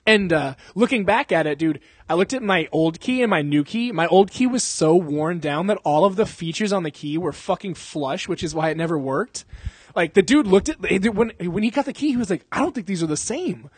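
A young man telling a long story in casual chat, animated and full of swearing and laughter. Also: high voice, brisk, slightly rough, no echo.

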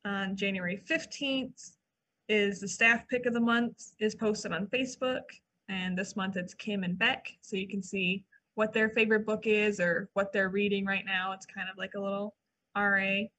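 A woman library staffer co-hosting a casual podcast, reading event listings and adding quick asides. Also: medium pitch, steady tone, sharp tone. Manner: chatty, reads listings then adds quick asides. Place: old brick library building.

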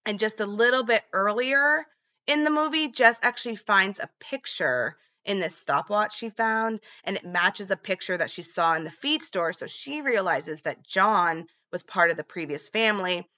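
A woman's voice: medium pitch, expressive, moderate pace, sharp tone, lo-fi sound. A woman casually retelling a movie's plot in a chatty vlog, with lots of fillers. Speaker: movie recap vlogger.

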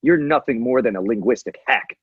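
A man's voice: medium pitch, fairly quick, slightly rough, no room sound, dull audio. A man co-hosting a comedy podcast, chatting casually with playful, rambling jabs. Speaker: podcast co-host.

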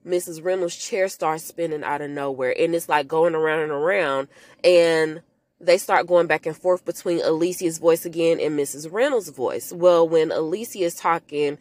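Podcast host, woman, chatty animated movie recap, lowish voice, dry close mic. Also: moderate pace, no room sound. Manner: animated storytelling, talks to listeners as "y'all", acts out quotes in character voices.

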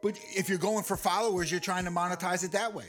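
A man's voice: sits high, steady tone, fast, fairly bright tone. A man co-hosting a casual talk show, talking emphatically about music history and the industry. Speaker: podcast co-host. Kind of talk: casual chat.

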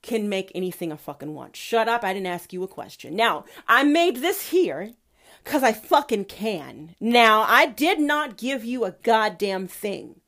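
A stern almighty God, spoken by a woman, scolding and cursing with blunt commands. The voice sits fairly high. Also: lively intonation, unhurried, a bit bright. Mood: commanding.

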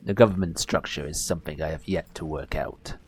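A man's voice: very deep voice, brisk, a little mellow, a little hiss or hum. A man playing a tabletop game, joking dryly and musing aloud about his character's choices. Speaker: player.

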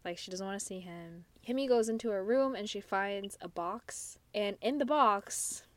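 A woman's voice: medium pitch, normal speed, no echo. Female podcast co-host, casual drama recap, dry close mic. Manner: chatty recap, many fillers. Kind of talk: casual chat.

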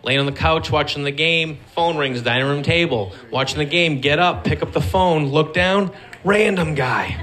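A man telling a comic story, acting out the voices of the people in it in an animated way. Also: fairly high pitch, moderate pace, a faint crowd.

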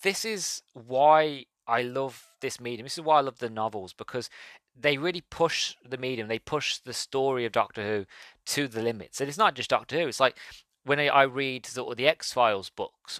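Bright-voiced enthusiastic male book reviewer. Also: medium pitch, dry recording. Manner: enthusiastic, rambling, self-correcting. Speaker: podcast host reviewing a book. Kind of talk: casual spoken book review.

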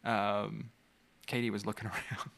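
A man's voice: lowish voice, little pitch movement, a little slow, fairly bright tone. A man co-hosting a casual chat, laid-back and playful, teasing his co-host and chuckling often. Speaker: podcast co-host. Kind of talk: casual chat recapping a reality show.

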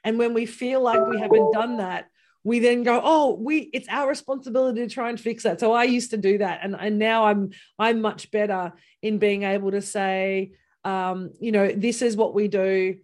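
A woman coach in a casual chat, animated, acting out quoted dialogue and laughing often. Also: mid-range voice, moderate pace. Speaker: business coach.

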